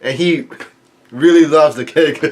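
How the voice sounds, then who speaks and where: A man's voice: a little high, slow pace, darkish tone, a little hiss or hum. A man casually talking through a comic chapter, rambling and chuckling, with many filler sounds and restarts. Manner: chuckles often while talking. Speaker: manga chapter reviewer.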